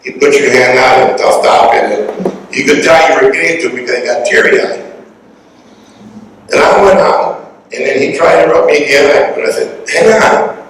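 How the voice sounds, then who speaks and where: A man's voice: medium pitch, steady tone, normal speed, long pauses, fairly bright tone, slight background noise. Older man giving a eulogy in an echoey hall. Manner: storytelling, repeats himself, emotional. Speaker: eulogy speaker. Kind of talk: heartfelt memorial speech with anecdotes. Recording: echoey hall, speaker far from mic.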